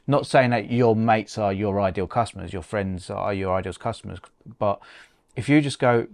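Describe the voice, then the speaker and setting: A man with a fairly low voice co-hosts a podcast and hands out practical tips in easy, conversational chat. He often restarts his words as he talks. The sound is dry and close, with little room in it. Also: moderate pace, creaky, no echo. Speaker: podcast co-host. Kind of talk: casual advice chat.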